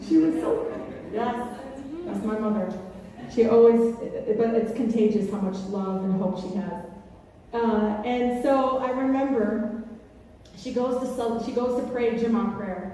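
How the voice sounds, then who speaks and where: A woman's voice: medium pitch, slight background noise. A woman in her forties giving a public speech, telling family anecdotes and acting out the voices of relatives. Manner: animated storytelling, acts out family voices. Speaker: speaker. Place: event hall. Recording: echoey hall from far off.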